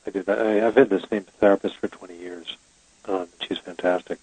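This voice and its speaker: A man's voice: sits low, steady tone, normal speed, darkish tone, breathy edge, dry recording, poor audio. A middle-aged man, a guest author on a podcast, talking in a reflective, thoughtful way with plenty of fillers. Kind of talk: casual podcast interview.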